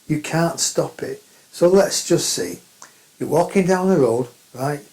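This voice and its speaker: Casting: male spiritual teacher, direct and emphatic, repeats his points, mellow tone. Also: a little high, lively intonation, a little slow, poor audio. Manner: plain-spoken, emphatic, repeats phrases. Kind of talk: spiritual talk to camera.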